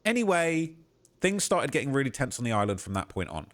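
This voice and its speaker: A man hosting a livestream, reading a long post aloud in a steady way and breaking off now and then with shocked outbursts. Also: mid-range voice, a little fast. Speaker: livestream host.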